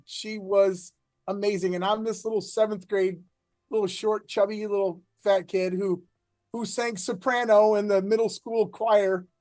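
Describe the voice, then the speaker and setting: A middle-aged man, an athletic director, talking in a casual interview with energetic bursts and many restarts. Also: sits high, no room sound. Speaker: athletic director, podcast guest.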